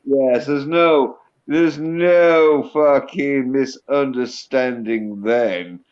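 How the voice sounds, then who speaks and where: A man's voice: medium pitch, extremely slow, darkish tone, highs cut off. A man from the UK with a British accent, talking bluntly and swearing in a casual online chat. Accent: British English. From United Kingdom.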